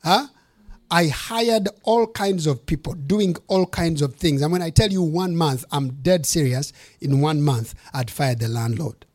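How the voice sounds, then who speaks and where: High-voiced bishop preaching with punch. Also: male voice, expressive, measured pace, darkish tone. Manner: emphatic storytelling with punchy repetition. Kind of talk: sermon.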